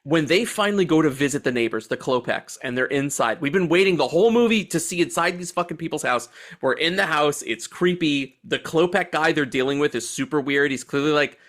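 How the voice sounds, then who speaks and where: A man in his forties co-hosting a podcast, chatting about a movie in an excited, profane way. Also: on the high side, brisk, few pauses. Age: 40s. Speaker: podcast co-host. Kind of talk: casual movie chat.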